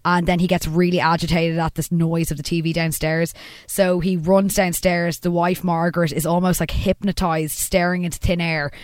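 A woman's voice: on the low side, moderate pace, no room sound, studio quality. A woman, co-hosting a podcast and chattily retelling the scenes of a TV episode. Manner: lively storytelling, retelling scenes. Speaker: podcast co-host. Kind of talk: casual recap chat.

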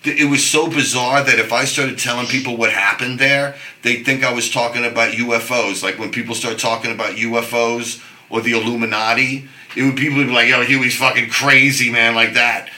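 Rambling New man, bright voice. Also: mid-range voice, fairly quick, roomy sound, rough recording. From New York. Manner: animated, swearing, rambling with restarts. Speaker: guest. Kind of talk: casual storytelling chat.

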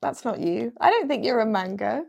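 A woman's voice: fairly high pitch, lively intonation, a little fast, vocal fry, darkish tone, dull audio. A young woman co-hosting a podcast, chatting in a teasing, giggly way. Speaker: podcast co-host. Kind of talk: casual chat.

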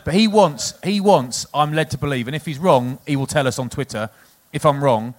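A former rugby player co-hosting a casual chat, telling jokey stories about tour pranks. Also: male voice, fairly high pitch, fairly quick. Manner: lively storyteller, jokey.

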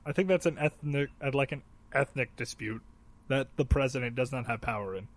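A man's voice: medium pitch, a little fast. A young man co-hosting a podcast in casual chat, playful and mock-indignant, asking lots of questions. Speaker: podcast co-host.

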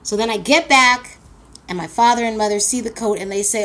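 A woman from Queens, telling a personal story in a blunt, animated way and swearing freely. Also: on the high side, brisk. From Queens, New York.

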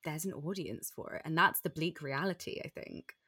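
A woman's voice: low voice, normal speed, pushed and bright, breathy edge, dry recording, studio quality. A woman hosting an interview, earnest and agreeable, prompting her guest with questions. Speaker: interviewer, host. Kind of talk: conversational interview.

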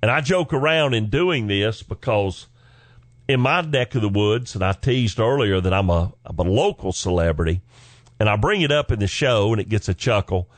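Middle-aged guy, kinda low voice, folksy joking storyteller, dry close mic. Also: animated, moderate pace, dry recording. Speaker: comedian and former pastor. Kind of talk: storytelling talk.

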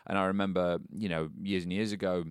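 A man's voice: sits low, level tone, fast talker, clean tone, dry recording, clean studio sound. A man co-hosting a casual podcast, reflecting aloud and explaining ideas, often restarting his sentences. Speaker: podcast co-host.

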